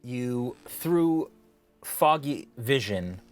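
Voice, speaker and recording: A man narrating as dungeon master, setting the scene in a measured, descriptive way. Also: mid-range voice, lively intonation, soft background music. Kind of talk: narrating a tabletop game.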